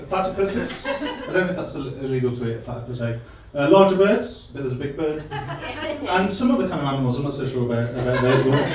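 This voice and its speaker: A man giving a light-hearted science talk on stage, self-deprecating and halting, full of restarts. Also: a little high. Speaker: guest speaker. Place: live comedy venue. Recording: echoey hall from far off.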